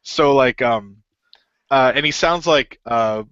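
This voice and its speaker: A man's voice: medium pitch, slow, a bit bright, smooth, dry recording, highs cut off. A man co-hosting a podcast in casual chat, rambling with lots of fillers. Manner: rambling, filler-heavy, full of "like". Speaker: podcast co-host.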